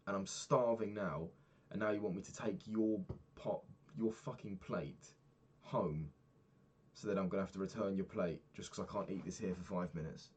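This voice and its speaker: A young man, a personal trainer, candidly recapping his week and swearing freely, getting animated when retelling annoyances. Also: deep voice, normal speed, slightly rough. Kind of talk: casual vlog recap.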